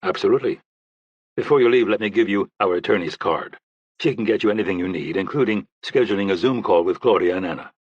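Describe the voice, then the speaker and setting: A guarded, wry ex-soldier, as a male narrator plays him, keeping his answers light and clipped. His low voice is husky. It is recorded close and dry, a little muffled. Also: fast talker, dry recording.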